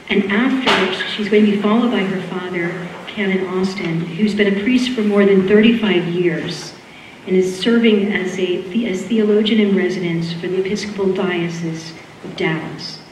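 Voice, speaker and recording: A woman with a Boston accent introducing lecture speakers at a school event, talking loosely with many fillers. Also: on the low side. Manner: warm rambling with fillers and laughs. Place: lecture hall. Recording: echoey hall, distant mic, faint room noise.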